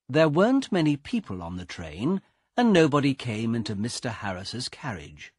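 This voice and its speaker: A man reading a story aloud for English learners in a careful, deliberate way. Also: medium pitch, very animated, a little mellow, dry recording, clean studio sound. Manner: slow, clear, carefully paced reading. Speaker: audiobook narrator. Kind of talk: scripted narration for English learners.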